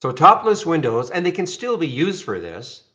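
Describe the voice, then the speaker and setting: A man casually walking viewers through trading software on a screen share, rambling and checking in with "okay?". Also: on the high side, big pitch swings, normal speed. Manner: rambling, frequent restarts and "okay?" check-ins.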